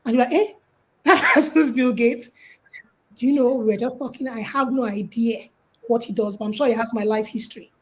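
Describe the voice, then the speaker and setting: On a rough recording, a Nigerian woman speaks at a moderate pace in a fairly high voice. She's a guest on a call offering relaxed life and money tips, and she tells her stories with energy, acting out what people said.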